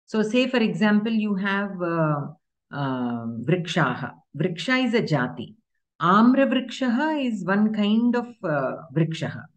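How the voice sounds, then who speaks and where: A woman's voice: mid-range voice, very animated, measured pace. A woman teaching Sanskrit grammar in an online class, explaining patiently step by step with examples.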